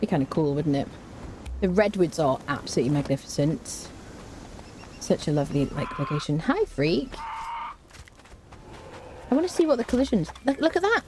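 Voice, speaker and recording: A woman streaming a survival game, chatting casually to viewers and humming little tunes as she plays, excitable and quick to jump up in pitch. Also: slight background noise. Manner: chatty, hums and sings little tunes while playing; excitable, jumps high in pitch. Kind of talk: casual gameplay commentary.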